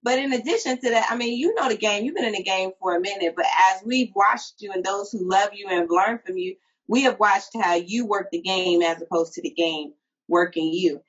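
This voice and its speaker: A woman's voice: medium pitch, brisk. A woman hosting an interview show, asking eager, admiring questions. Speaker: show host. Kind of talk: interview chat. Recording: dull lo-fi audio.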